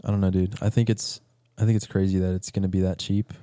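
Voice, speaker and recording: A man's voice: deep voice, little pitch movement, fast, warm tone, dry recording, studio quality. A man co-hosting a podcast in casual, laid-back banter. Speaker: podcast co-host. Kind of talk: casual chat.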